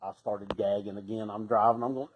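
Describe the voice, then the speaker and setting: A middle-aged man with a Southern Appalachian accent, telling casual stories in a folksy way, laughing often and sometimes breaking into loud shouts. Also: lowish voice, poor audio. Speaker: storyteller. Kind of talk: casual storytelling.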